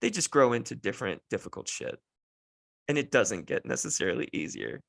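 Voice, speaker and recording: A worn-out man in his thirties hosts his own podcast, venting about parenting with dry sarcasm. His voice has a gravelly edge, recorded close and dry with no room sound. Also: mid-range voice, sing-song, brisk, a bit bright, dry recording. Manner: exasperated, sarcastic storytelling. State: tired, run down. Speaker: podcast host and father. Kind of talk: solo podcast monologue.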